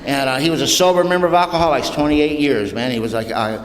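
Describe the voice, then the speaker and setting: A man's voice: a little high, fast, slight background noise. An older man giving a humorous personal testimony at a recovery meeting, blunt and plain-spoken, dropping "man" and "you know" as he goes. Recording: echoey hall with long reverb.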